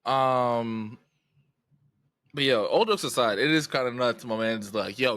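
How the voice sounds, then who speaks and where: A man co-hosting a podcast, joking loudly in casual comedic chat full of slang. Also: medium pitch, measured pace, no echo, studio quality. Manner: loud, animated, slangy, joking. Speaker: podcast co-host.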